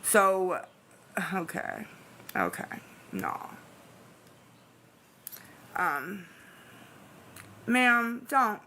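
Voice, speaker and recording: A woman's voice: mid-range voice, huge pitch swings, drawn-out words, pauses often, bright, forceful tone, slight background noise. Tired, anxious woman livestreaming. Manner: anxious, pleading, rambling with restarts. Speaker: livestreamer talking to chat. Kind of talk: casual live-stream chat.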